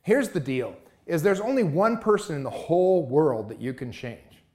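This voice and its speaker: A man's voice: fairly high pitch, big pitch swings, normal speed, darkish tone. A man giving a motivational talk, emphatic and full of rhetorical questions.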